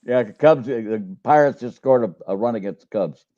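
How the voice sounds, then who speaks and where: A man's voice: medium pitch, normal speed, mellow, dull audio. An older man who works as a coach, chatting on a live stream in a rambling way with many restarts. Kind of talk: casual live-stream chat.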